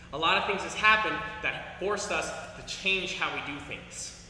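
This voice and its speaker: A man's voice: a little high, expressive, unhurried, sharp tone, a little hiss or hum. A young man leading an online martial arts class over a video call, coaching upbeat and giving commands. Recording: echoey hall sound from off-mic.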